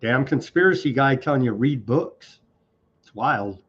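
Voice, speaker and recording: A man's voice: medium pitch, animated, measured pace, fairly bright tone, breathy edge. A man co-hosting a news commentary show, talking sarcastically and tripping over foreign names. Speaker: co-host. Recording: dull lo-fi audio.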